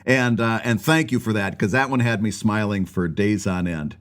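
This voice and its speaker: A man's voice: on the low side, normal speed. A man co-hosting a podcast, chatting casually and rambling through stories with frequent laughter. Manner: rambling storyteller, laughs often. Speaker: podcast co-host.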